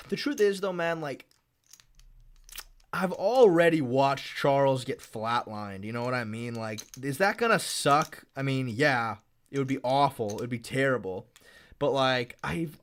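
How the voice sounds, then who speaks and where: A man's voice: medium pitch, fairly bright tone. Rambling, swearing male streamer. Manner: rambling and repetitive, swears casually. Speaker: MMA streamer. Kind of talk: casual livestream chat.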